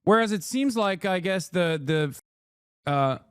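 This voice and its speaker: This streamer and political commentator has a high, animated, fairly bright voice that sounds smooth and echo-free. He speaks slowly, riffing sarcastically and profanely into a close desk mic during casual livestream commentary.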